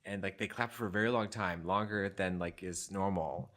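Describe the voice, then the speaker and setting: A man co-hosts a talk podcast with a deep, low-pitched voice. His delivery is casual and lively, and he often laughs as he works through a story. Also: moderate pace. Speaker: podcast co-host. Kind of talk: casual conversational chat.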